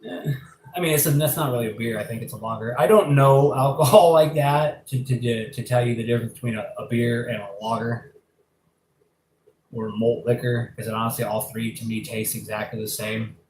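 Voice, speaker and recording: Rambling, excitable man in an echoey room. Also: mid-range voice, a little fast, noisy background. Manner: rambling, excitable, laughs and swears often. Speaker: live-stream host showing his pet invertebrates. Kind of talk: casual rambling live stream. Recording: echoey room with faint ambience.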